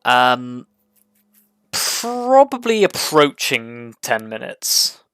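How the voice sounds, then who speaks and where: A man game master narrating a tabletop game, halting and full of restarts. His voice sits at a middle pitch and sounds close and dry, with no room sound around it. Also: very animated, a bit bright, clean tone, dry recording. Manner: hesitant, full of ums and restarts.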